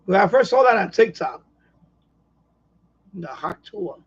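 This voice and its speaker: A man's voice: high-pitched, very animated, a little slow, breathy edge. A man hosting a casual live stream chat, rambling and exasperated as he rants. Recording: dull lo-fi live stream audio.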